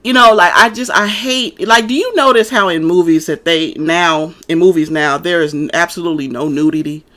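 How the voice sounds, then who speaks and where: A woman's voice: fairly low pitch, moderate pace, hardly any pauses, a bit bright. A woman talking casually about a movie she saw. She rambles with lots of fillers and swears bluntly. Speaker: movie reviewer. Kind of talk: casual rant.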